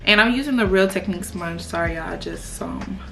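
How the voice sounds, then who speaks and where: A woman's voice: on the low side, a little fast, vocal fry, over music. Chatty young woman, rambling makeup chat. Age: 20s. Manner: rambling, chatty, many fillers like "like" and "um". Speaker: beauty vlogger. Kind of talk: casual chat while doing makeup.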